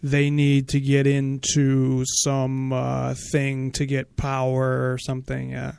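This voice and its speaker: A man hosting a talk radio show, chatting casually and arguing his point deliberately, step by step. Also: medium pitch, monotone, vocal fry, a little mellow, clear, resonant tone, no room sound. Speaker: host.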